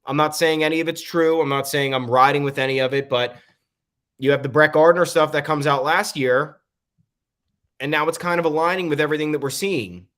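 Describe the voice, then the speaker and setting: A man's voice: a little high, fairly even intonation, brisk, fairly bright tone. Opinionated male podcast co-host. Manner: opinionated, heavy on "um" fillers. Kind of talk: casual sports podcast chat.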